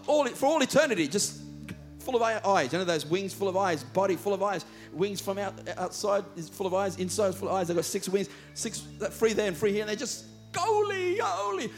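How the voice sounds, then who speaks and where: A man's voice: sits high, a bit bright. A man preaching a sermon, emphatic and repeating words for stress.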